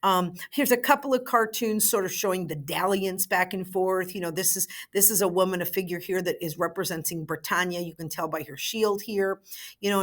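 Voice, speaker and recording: A woman history teacher recording an online lecture in a chatty way, with rhetorical asides to her students. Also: on the low side.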